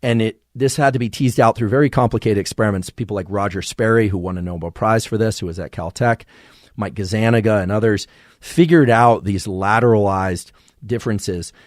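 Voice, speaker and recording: A man hosting a podcast, giving a measured, professorial solo explanation of science. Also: fairly low pitch, no echo, clean studio sound. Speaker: podcast host.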